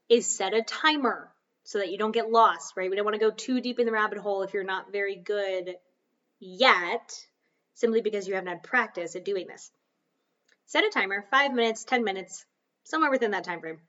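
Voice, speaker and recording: A woman's voice: medium pitch, bright, forceful tone. Chatty woman host, slightly distant, dull sound. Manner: chatty, self-deprecating, coaching tone. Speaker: podcast host. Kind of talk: casual solo podcast talk.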